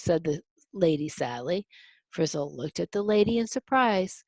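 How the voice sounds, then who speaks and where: Woman reading to kids, low gravelly voice. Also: moderate pace, no room sound. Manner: explains words and adds chatty asides for children. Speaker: storyteller. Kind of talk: reading a picture book aloud to children.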